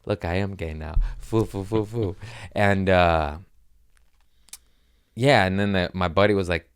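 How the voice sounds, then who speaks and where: A man's voice: sits low, measured pace, long pauses, clean tone. A man hosting a comedy podcast, rambling through crude jokes in a casual monologue, giggling often and slipping into silly voices.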